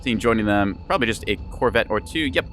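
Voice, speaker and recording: A man's voice: on the low side, expressive, fast, a bit bright, a little hiss or hum. A young adult man giving casual live-stream commentary on a game, chatty and rambling, with frequent laughs and teasing asides.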